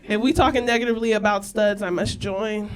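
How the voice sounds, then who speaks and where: A comedy show host speaking in a brash, laughing, shouting manner on a live stage. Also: mid-range voice, fairly even intonation, brisk, very noisy. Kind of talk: live stand-up set. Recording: live room with audience and music.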